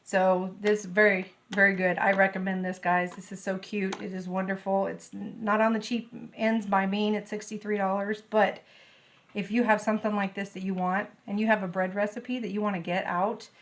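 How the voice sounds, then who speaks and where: This is a middle-aged woman, chatting through a recipe in her home kitchen. She is bubbly and easily thrilled, and her voice sits at an ordinary middle pitch. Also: moderate pace. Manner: bubbly, gushing, easily excited. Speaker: home cooking vlogger. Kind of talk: casual cooking demonstration.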